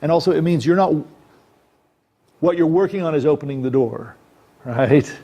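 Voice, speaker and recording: At a normal speed, a man with a slightly high, mellow voice talks about acting during a workshop in a presentation room. He's an acting coach, and he keeps it conversational while checking in with those listening.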